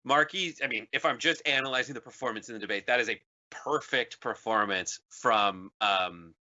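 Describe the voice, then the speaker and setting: A man's voice: medium pitch, normal speed, bright, forceful tone, muffled recording. A man as guest on a political chat show, joking and rambling through anecdotes. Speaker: guest co-host.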